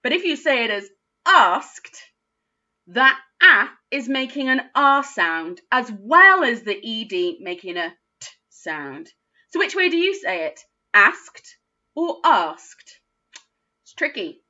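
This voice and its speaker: A woman's voice: sits high, big pitch swings, normal speed, bright, forceful tone. A woman teaching a phonics lesson to young children, sounding out words letter by letter. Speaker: primary school teacher. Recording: dull lo-fi sound.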